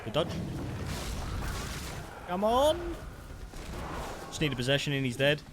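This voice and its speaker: An excitable man gives running commentary as he plays, chatty and full of asides to his viewers. His pitch swings widely, rising high whenever the match gets tense. Steady background noise sits under his voice. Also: measured pace. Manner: excitable, bursts into loud shouts at big plays; chatty, calls the listener mate. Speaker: gaming streamer. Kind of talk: live gameplay commentary. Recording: noisy background.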